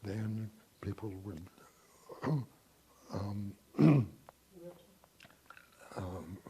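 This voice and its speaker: Very husky elderly man. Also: fairly low pitch, flat delivery, warm tone. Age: 90s. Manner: halting, repeats words while recalling. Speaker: interviewee recalling 1948. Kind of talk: oral history interview.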